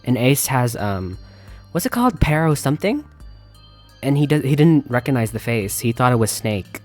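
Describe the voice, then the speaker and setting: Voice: mid-range voice, sing-song, moderate pace. Chatty streamer reacting to a game. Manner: chatty, reactive, laughs, addresses chat. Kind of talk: casual live-stream commentary. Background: quiet game music.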